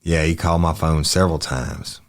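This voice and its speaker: A man reading the lines of a young male witness answering detectives in short, halting, deferential replies. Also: rumbling low, steady tone.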